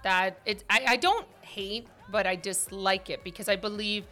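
Brief: woman podcast host, loud and passionate, bright forceful voice, relaxed chat. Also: mid-range voice, normal speed, faint music behind. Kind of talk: casual chat.

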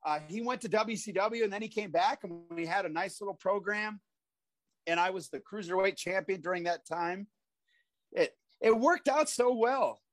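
A man in his forties with a notably high voice tells animated stories of his wrestling days and acts out the voices of the people in them. The sound is dry and close, with no room echo. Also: normal speed, soft background music. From Iowa, USA. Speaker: podcast guest, former pro wrestler. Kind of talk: casual interview storytelling.

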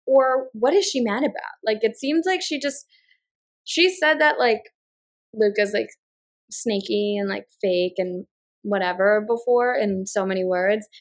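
A woman co-hosting a podcast in casual chat, rambling with lots of filler words and getting animated when she retells a scene. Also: medium pitch, unhurried. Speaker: podcast co-host.

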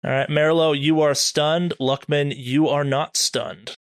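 A man running a horror tabletop game as game master, narrating monsters in a deliberate, vivid way with quick rules asides. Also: fairly high pitch, steady tone, no echo.

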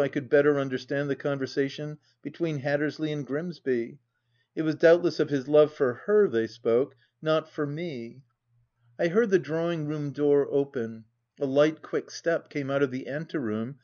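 A man reads a period novel aloud in the first person. His delivery is measured and earnest, his voice sits slightly high, and the recording sounds dull and lo-fi. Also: darkish tone. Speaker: audiobook reader. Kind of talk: scripted narration.

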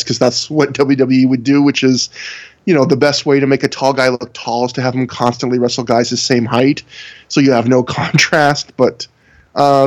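A man in a relaxed podcast chat, talking at an average pitch. He rambles, restarts his sentences and laughs often as he goes. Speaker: podcast co-host. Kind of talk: casual chat reviewing wrestling shows.

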